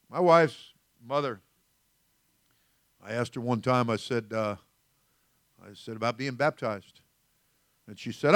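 A man's voice: medium pitch, normal speed, long pauses, a bit bright, no echo. An older man preaching as senior pastor, a folksy, rambling sermon full of storytelling asides. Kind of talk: conversational sermon.

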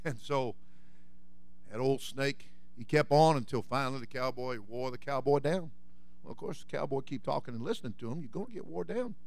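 A man pastor delivering a sermon, fiery preaching that swings from folksy storytelling to shouting. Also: medium pitch, a little fast, vocal fry.

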